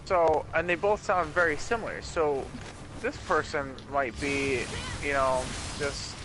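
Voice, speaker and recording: A man hosting a game stream, telling a story in an animated way, swearing freely. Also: on the high side, measured pace. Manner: animated, swearing, dramatic retelling. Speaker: streamer host. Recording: noisy home stream mic.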